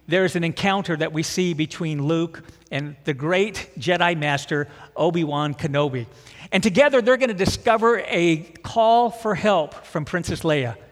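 High-voiced male pastor in a reverberant hall. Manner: conversational and self-deprecating, with dry jokes. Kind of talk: sermon.

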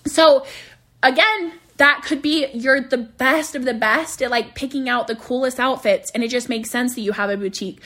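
A woman in her thirties talks through her own podcast from home, candid and casual, laughing easily and sprinkling in "like." Her voice sits a little high and sounds a bit worn, as if she is starting to lose it. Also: fairly bright tone. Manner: candid, chatty, laughs easily, says "like" often. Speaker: podcast host and business coach. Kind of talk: casual solo podcast advice.

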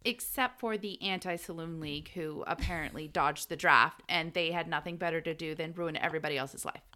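A woman co-hosting a casual history podcast, her voice bright and clear-edged. She tells the story in an animated, loose way. She laughs often and drops a swear word here and there. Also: deep voice, a little fast. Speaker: podcast co-host.

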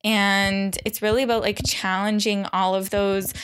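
A young woman hosting a solo podcast, chatting casually with lots of fillers and acting out quotes in a high voice. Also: level tone, unhurried, fairly bright tone, slight background noise. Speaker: podcast host.

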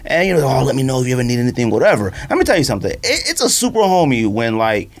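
A man's voice: medium pitch, very fast. A man hosting a podcast in casual chat, telling stories with lots of laughter and quoted asides. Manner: animated storytelling, laughs often, acts out quotes. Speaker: podcast host. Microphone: studio microphone.

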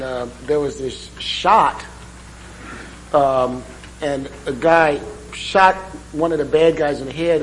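Slow, halting preacher man. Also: fairly high pitch, slight background noise, rough recording. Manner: unhurried storytelling with many fillers. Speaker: guest preacher. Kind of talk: sermon with a humorous opening.

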